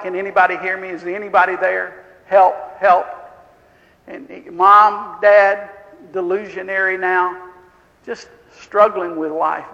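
A man preaching a sermon, telling a story quietly and then building to fervent, emphatic appeals. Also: high-pitched, creaky, long reverb tail, poor audio.

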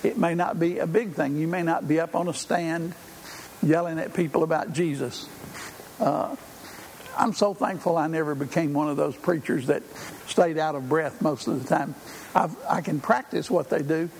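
A man's voice: fairly high pitch, fairly even intonation, normal speed. An older man preaching a sermon in a folksy, conversational way, with frequent fillers. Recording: hall reverb, faint room noise.

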